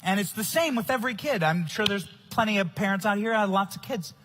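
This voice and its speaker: A young man giving a loud, emphatic political rally speech at a conference. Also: high-pitched, fast, soft background music. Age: young adult. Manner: loud, shouting, emphatic delivery. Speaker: conference speaker. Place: conference stage.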